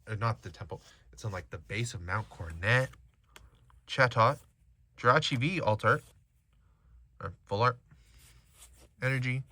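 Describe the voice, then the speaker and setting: The recording has no echo, and the man's voice is on the low side. He chats casually at home, opening trading card packs and reading their names and stats with animation.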